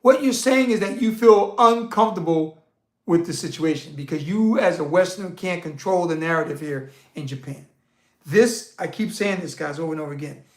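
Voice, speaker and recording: A man hosting a casual monologue, answering viewer questions in a blunt, profane, rambling and animated rant. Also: fairly high pitch, normal speed. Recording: roomy echo.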